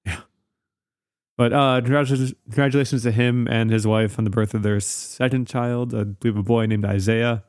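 A man's voice: medium pitch, steady tone, normal speed, a little mellow, clear, resonant tone, no room sound, clean studio sound. Bantering male podcast co-host. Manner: laughs easily, bantering. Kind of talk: casual soccer podcast chat.

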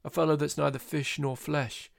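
A man's voice: fairly high pitch, level tone, moderate pace, vocal fry, no echo, studio quality. Guy doing a scornful old pub patriot, blunt.

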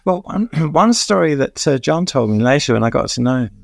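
A veteran music journalist, an older man with a gravelly, fry-laden and mid-range voice, tells rambling anecdotes as an interview guest in a sing-song way. He often pauses with "uh" and chuckles at his own asides, recorded close and dry with no room echo.

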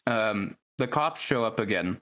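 A man narrating a tabletop game as game master, relaxed and descriptive. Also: on the low side, a little slow.

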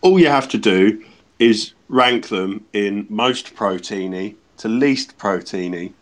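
A man co-hosting a comedy podcast, talking in a deadpan, halting way with frequent ums while running a quiz. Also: fairly low pitch. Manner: deadpan, hesitant with many ums. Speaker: podcast co-host. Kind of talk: casual comedy chat.

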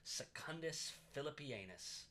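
A man's voice: on the high side, animated, measured pace, pushed and bright, a little hiss or hum. A Canadian man hosting a casual history podcast, explaining at length with lots of fillers and self-corrections. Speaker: podcast host.

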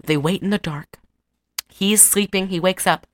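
A woman chatting casually as a podcast co-host, retelling a cartoon with giggles and quick voice impressions. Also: mid-range voice, no room sound, studio quality. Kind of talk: casual chat.

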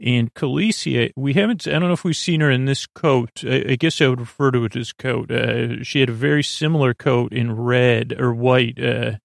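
A man's voice: medium pitch, fairly even intonation, moderate pace, gravelly, few pauses, dry recording, clean studio sound. A man hosting a sleep-aid podcast, recapping an episode in a meandering, hesitant way as he thinks aloud. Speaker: podcast host.

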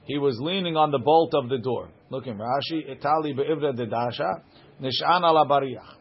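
A man's voice: medium pitch, moderate pace, husky. A man teaching a Talmud class, reading each phrase of the text and then explaining it line by line. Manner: reads Aramaic text then translates it line by line. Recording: dull lo-fi recording.

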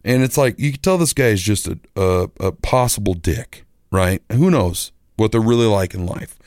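Rambling, animated middle-aged man telling a story. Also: on the low side, normal speed, dry recording, clean studio sound. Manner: rambling, animated, acts out quoted voices. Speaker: radio personality and musician. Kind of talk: casual storytelling monologue.

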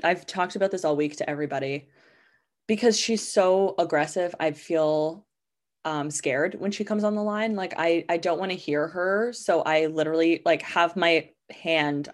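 A young woman hosting a podcast, telling stories in a rambling, chatty way full of "like" fillers. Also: on the low side. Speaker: podcast host. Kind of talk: casual storytelling monologue.

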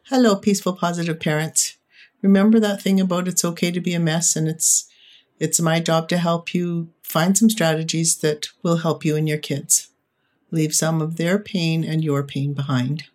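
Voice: mid-range voice, flat delivery, moderate pace, a little mellow. Upbeat, encouraging parenting podcast host. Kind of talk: podcast monologue.

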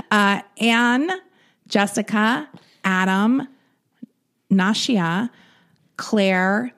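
A woman co-hosting a podcast in casual chat, rambling and giggly, her voice a little gruff from the morning. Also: mid-range voice, very slow. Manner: giggly, rambling, swears freely. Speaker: podcast co-host.

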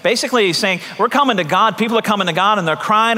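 A man's voice: high voice, fast talker, few pauses, sharp tone, long reverb tail. A man preaching a sermon as pastor, talking in a conversational way with repeated phrases and acted-out voices.

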